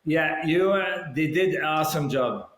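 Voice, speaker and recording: A man's voice: fairly high pitch, a little slow. A man from Montreal with a French Canadian accent, a podcast guest telling stories in a casual chat and acting out the quoted dialogue. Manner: animated, acts out quoted dialogue. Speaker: podcast guest, former hockey player. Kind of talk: casual storytelling. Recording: roomy echo.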